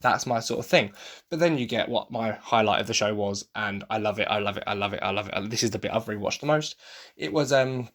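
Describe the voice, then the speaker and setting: A man's voice: on the low side, a little fast, fairly bright tone. A tired man with an English accent, gushing in a rambling, enthusiastic way as he hosts a casual solo podcast review. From England. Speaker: podcast host.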